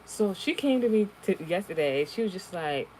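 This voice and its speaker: A woman recounts a spiritual story in a loose, unscripted monologue to her stream. She is animated and profane, and her talk is full of fillers and laughter. Her voice sits at a middling pitch over a faint background hiss. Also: moderate pace, low-quality recording. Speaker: spiritual reader.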